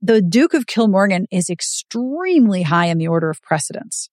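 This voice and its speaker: A chatty woman co-host recaps a book for a podcast, her pitch sitting in a middle range. She slips into playful voices for the characters as she talks. Her voice is close and dry, with no room sound. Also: very animated, normal speed, darkish tone, no echo. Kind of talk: casual book recap chat.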